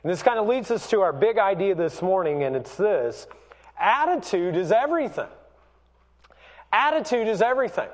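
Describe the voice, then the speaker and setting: A man's voice: sits high, big pitch swings, normal speed. A pastor in his forties tells a family story in a conversational sermon, asking the congregation for a show of hands. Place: church sanctuary. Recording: long hall reverb.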